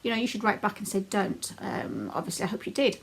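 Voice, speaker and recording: A woman's voice: medium pitch, big pitch swings, fast talker, creaky, breathy edge. A woman hosting a critical commentary video, talking in an indignant, emphatic warning tone. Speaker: commentary channel host.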